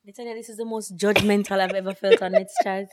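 A woman co-hosts a casual podcast chat. She speaks at a mid pitch and delivers blunt, dry one-liners. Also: flat delivery, fast, noisy background. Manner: blunt, wry remarks. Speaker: podcast co-host.

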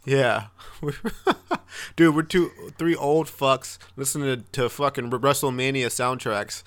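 A man's voice: mid-range voice, fairly even intonation, measured pace, fairly bright tone. A man from Texas co-hosting a casual podcast, chiming in with agreement and swearing freely. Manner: chiming in, profane, laughing along. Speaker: podcast co-host. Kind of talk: casual chat.

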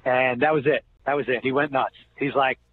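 A man's voice: medium pitch, fairly quick. A man, a guest telling stories in a casual interview and acting out quotes. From New Jersey. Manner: animated storyteller acting out quotes. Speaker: interview guest, former college basketball player. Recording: tinny phone-line audio, faint hiss.

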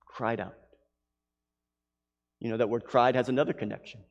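A man preaching a sermon who reads scripture aloud and swings from loud, emphatic lines to hushed ones. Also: medium pitch, fairly even intonation, rapid-fire, lo-fi sound. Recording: long hall reverb.

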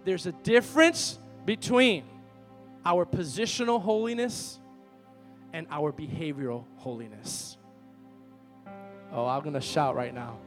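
A male pastor preaching a sermon in a church, calling out to the congregation for answers and telling lively stories. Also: on the high side, a little slow, pauses often, faint music behind. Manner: emphatic call-and-response preaching with lively storytelling. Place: church with a worship team.

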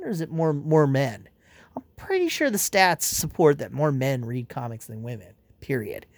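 A man's voice: fairly high pitch, no echo. A man ranting casually as a comic fan, swearing often and rambling with exasperation. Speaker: comic fan reviewing a movie. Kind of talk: casual rant.

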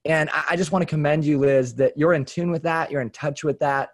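A man's voice: a little high, steady tone, a little fast. A man hosting a podcast, effusive and affirming toward his guest. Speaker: podcast host. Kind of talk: podcast conversation.

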